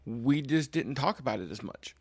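A man's voice: medium pitch, animated, normal speed, gravelly, dry recording. A man co-hosting a casual podcast, joking and riffing with lots of fillers and restarts. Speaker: podcast co-host. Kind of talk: casual chat.

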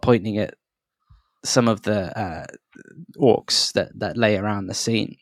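A man's voice: fairly low pitch, fairly even intonation, slow pace, no room sound, clean studio sound. A man narrating a tabletop game as game master, descriptive and full of restarts. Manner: descriptive, hesitant, many restarts.

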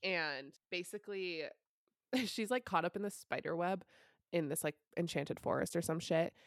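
Young woman, low voice, casual podcast chatter, lots of "like", dry close sound. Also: normal speed, no room sound. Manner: chatty, peppered with "like" and casual swearing. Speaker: podcast co-host. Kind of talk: casual book recap chat.

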